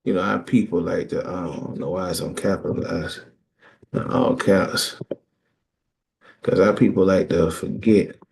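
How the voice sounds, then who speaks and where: A man's voice: low voice, fairly even intonation, measured pace, vocal fry, pauses often, darkish tone. A man preaching and teaching scripture in an emphatic call-and-response style.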